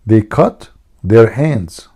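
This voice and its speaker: A man's voice: on the low side, expressive, drawn-out words, warm tone, breathy edge. A man hosting a livestream, teasing his viewers and laughing at his own jokes. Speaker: livestream host. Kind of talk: joking livestream chat.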